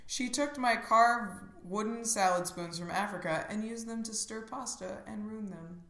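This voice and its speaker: A woman's voice: medium pitch, normal speed, fairly bright tone, roomy sound. A woman co-hosting a podcast, chatting casually and laughing easily, with lots of likes and fillers. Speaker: podcast co-host. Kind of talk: casual comedic chat.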